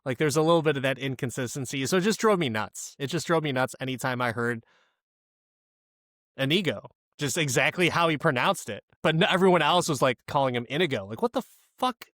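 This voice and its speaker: A man co-hosts a podcast, chatting casually about a movie in rambling sentences and swearing freely once he gets going. His medium-pitched voice is a bit bright and a little fast. The sound is dry and studio-clean.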